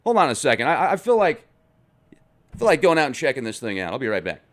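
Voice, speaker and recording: A man's voice: mid-range voice, big pitch swings, fast, fairly bright tone. A man hosting a comedic vlog from his garage, reading viewer comments in a playful, sarcastic manner. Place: home garage.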